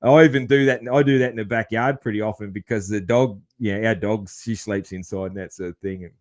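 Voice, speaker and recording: A man's voice: fairly low pitch, fairly even intonation, a little fast, darkish tone, dry recording, studio quality. A man with an Australian accent hosting a casual podcast interview, laid-back and full of crude slang. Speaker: podcast host.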